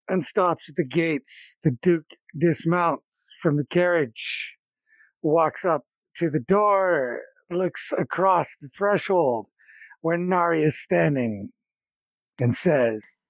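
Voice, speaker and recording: A man's voice: on the high side, animated, slow pace, no echo. A man narrating a tabletop game as game master in a casual, jokey, rambling way.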